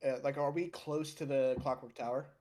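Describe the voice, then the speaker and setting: A man's voice: medium pitch, fairly even intonation, a little fast, darkish tone. A man playing a tabletop game, rambling casually with lots of "like". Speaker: player. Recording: noisy mic.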